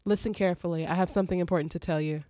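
A woman reading the lines of a calm, solemn male spirit guide in a slow, formal way. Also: on the low side, close to an everyday voice. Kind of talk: reading game dialogue aloud.

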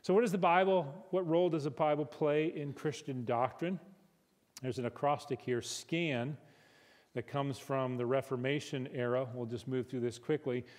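A middle-aged man teaching at a church conference, animated and building to emphatic peaks. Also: medium pitch, normal speed. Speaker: conference speaker. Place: church hall. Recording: hall reverb.

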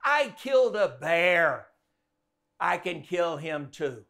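A bold, boastful young shepherd, put on by a man preaching speaks with fearless confidence. His voice sits high and rings bright and forceful. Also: very animated, takes it slowly, creaky, heavily acted. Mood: defiant.

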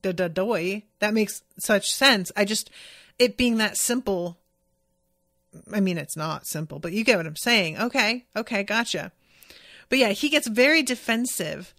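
Woman podcaster doing a chatty recap, excited, swears a lot, mid pitch, dry close mic. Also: measured pace, no echo. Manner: enthusiastic, swears freely, reads out chat comments. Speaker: podcast host. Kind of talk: casual episode recap chat.

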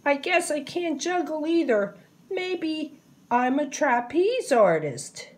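A woman's voice: high-pitched, slow, voice pushed up, heavily acted. A woman voicing an eager, clumsy storybook cow. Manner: hopeful, excitable, cries out loudly.

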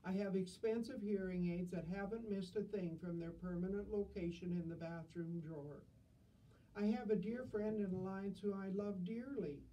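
A woman's voice: medium pitch, steady tone, normal speed, mellow, distant mic, a little hiss or hum, low-quality recording. Dry-witted older woman reading humor. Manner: dry, self-deprecating wit.

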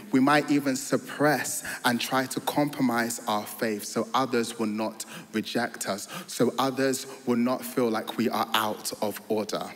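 A man's voice: mid-range voice, fairly bright tone. A man preaching a sermon in a church, earnest and storytelling, building to joyful emphasis. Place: large church hall. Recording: long hall reverb.

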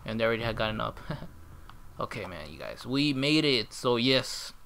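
Excitable gravelly gaming commentator man. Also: medium pitch, normal speed, slight background noise. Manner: excitable, reacting aloud and talking to viewers. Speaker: gameplay commentator. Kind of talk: live gameplay commentary.

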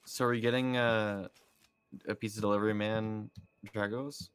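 A man's voice: on the low side, flat delivery, moderate pace, clear, resonant tone, no room sound. A man makes silly, playful jokes to friends over voice chat. His talk is casual and teasing. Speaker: gaming guest.

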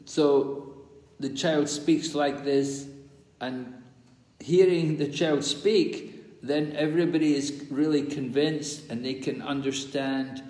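A man gives a scripture lecture in a fairly high voice, patient and explanatory, circling back to repeat his main points. His voice rings out with a long, roomy reverb, as in a big hall. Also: steady tone, slow pace, darkish tone. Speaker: spiritual teacher giving a course class. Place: large hall at a pilgrimage site in India.

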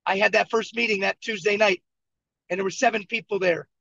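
Riding in a moving vehicle, a Buffalo, New York man leads a motivational coaching session by video call, hammering home his story through repetition as team leader and coach. His high-pitched voice is creaky, pushed and bright, with fairly even intonation and a slightly fast pace. The recording is dry, with dull lo-fi call audio.

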